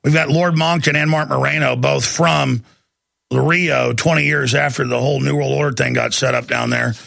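A male talk show host with a deeply gravelly, bright, forceful voice, ranting with heated, repetitive emphasis. The sound is close and dry. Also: steady tone, normal speed, no echo. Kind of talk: ranting political commentary.

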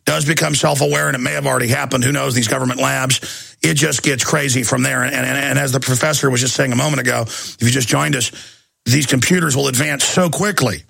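An intense male radio host rants in a combative monologue. His gravelly voice has a heavy rasp and a husky, rough edge. The sound is dry and close, with no room echo. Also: medium pitch, steady tone, fairly quick, a bit bright. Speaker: radio talk show host.

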